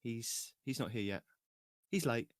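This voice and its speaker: A man's voice: medium pitch, a little slow, no echo. A British man hosting a podcast in playful, teasing casual banter. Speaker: podcast host.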